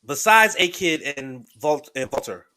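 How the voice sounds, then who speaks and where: A man hosting a podcast in casual, excitable chat, swearing freely and joking around. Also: fairly high pitch, measured pace. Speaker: podcast host.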